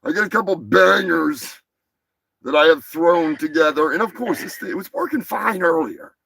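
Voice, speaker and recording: A man hosting a live stream, rambling crude jokes and shouting greetings to chatters. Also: fairly high pitch, expressive, moderate pace, vocal fry, breathy edge, no room sound, poor audio. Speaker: live show host. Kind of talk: crude casual livestream banter. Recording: music playing behind the voice.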